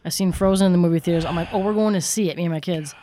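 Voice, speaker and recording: A woman's voice: on the low side, very fast, dark tone, slight background noise. A mother chatting casually, laid-back and swearing as she tells stories about her kids. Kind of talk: casual chat.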